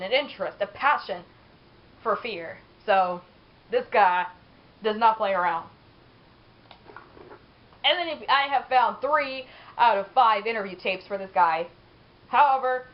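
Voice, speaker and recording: A woman's voice: on the high side, lo-fi sound. A woman giving casual, rambling gameplay commentary, chatty and laughing often.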